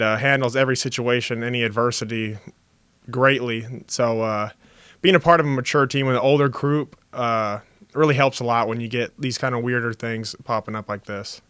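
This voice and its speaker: Young man, college defensive player, earnest press-conference answers, crisp clean voice, dry close sound. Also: medium pitch, dry recording. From Texas. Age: young adult. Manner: steady, earnest, with frequent uh fillers.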